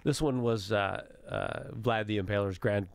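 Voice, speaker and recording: A sleep-deprived man telling a travel story on a podcast, animated and laughing. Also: lowish voice, normal speed, creaky, smooth, no room sound. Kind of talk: casual chat.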